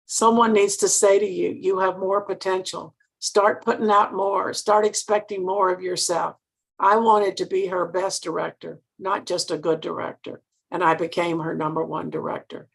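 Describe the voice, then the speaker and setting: A woman's voice: fairly low pitch, creaky, breathy edge. An older woman from Mississippi, giving an earnest motivational sales talk and asking her listeners direct questions.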